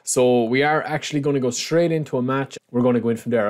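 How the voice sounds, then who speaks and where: A young man giving casual, excitable commentary over a football video game he is playing. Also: mid-range voice, quick pace. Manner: excitable, reacting loudly to plays. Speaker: gaming YouTuber.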